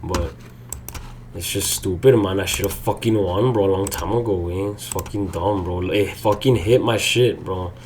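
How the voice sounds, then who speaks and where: A man's voice: deep voice, moderate pace, a little hiss or hum. Frustrated young man ranting while trading. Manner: frustrated, swearing, swings from mutters to shouts. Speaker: day-trading vlogger. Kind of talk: live streaming commentary.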